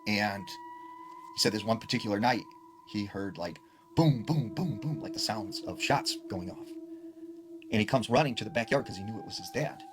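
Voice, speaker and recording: A man's voice: fairly low pitch, wildly swooping pitch, fairly quick. A man casually retelling a ghost story secondhand, with frequent fillers like "like" and "you know". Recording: clear background music under the voice. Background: background music.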